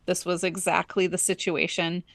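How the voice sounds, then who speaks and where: Animated woman telling a story. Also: lowish voice, normal speed, vocal fry. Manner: animated storyteller, acts out her own inner voice and dialogue. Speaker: podcast co-host. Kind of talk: casual storytelling chat.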